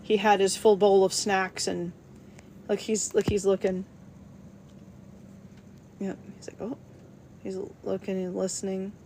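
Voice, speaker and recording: A woman's voice: medium pitch, a little mellow, slight background noise. A middle-aged woman hosting a casual livestream, chatting to viewers and cooing at her dog, laughing often. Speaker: livestream host.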